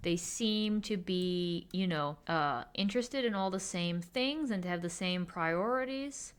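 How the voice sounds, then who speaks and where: Woman host, wry and sarcastic, casual recap with quick character asides; lowish voice. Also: animated, clean tone. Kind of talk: casual comedic recap while drawing.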